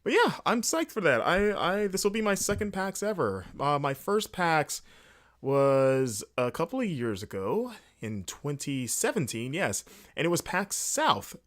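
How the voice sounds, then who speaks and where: A man hosting a solo podcast, rambling casually in a jokey, animated way late at night. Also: on the high side, a little slow. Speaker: podcast host.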